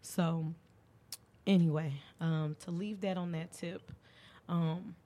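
A woman's voice: on the low side, slow pace. A young woman hosting a podcast, telling candid stories in casual chat and acting out the quoted lines. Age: young adult. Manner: candid storytelling, animated when acting out quotes. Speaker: podcast host.

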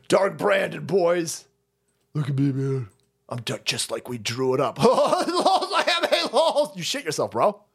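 A foul-mouthed man streaming a mocking political rant, laughing and swinging between loud jabs and low muttering. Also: a little slow, vocal fry, husky.

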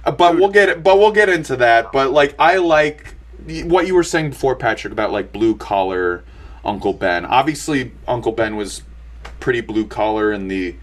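This young man co-hosts a laid-back movie review chat, his mid-range voice expressive and moderately paced. He rambles, restarts a lot, leans on fillers, and laughs frequently as a podcast co-host.

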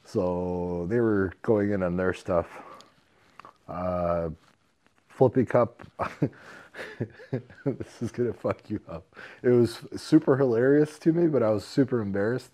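A man's voice: on the low side, unhurried, pauses often. Rowdy laughing man telling stories. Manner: rowdy storytelling, acts out quotes loudly, laughs a lot, swears freely. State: tipsy. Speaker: podcast co-host. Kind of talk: casual chat.

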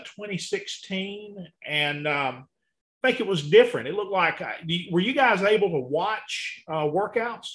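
A man's voice: high-pitched, a bit bright. A man hosting a casual sports podcast, easygoing and hesitant, with many fillers. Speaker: podcast host.

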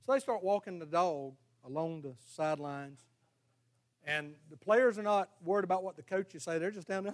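A male pastor, preaching a sermon in a folksy, storytelling way that builds to loud, fervent exhortation. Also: sits high, normal speed.

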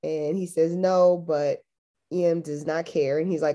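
A woman's voice: deep voice, steady tone, measured pace, dark tone. A woman co-hosting a podcast in casual chat, laid-back and chatty, recapping a movie with dry asides. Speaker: podcast co-host.

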